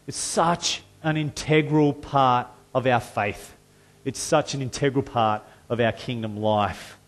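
A male pastor preaching a sermon, moving between conversational explanation and loud, forceful reading of scripture. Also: medium pitch, slow. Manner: reads scripture loudly and forcefully, then drops to a conversational tone.

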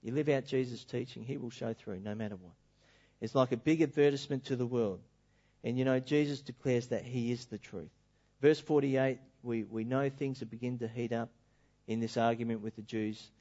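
A male preacher delivering a sermon in an animated, emphatic storytelling manner. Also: medium pitch, moderate pace. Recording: dull lo-fi recording.

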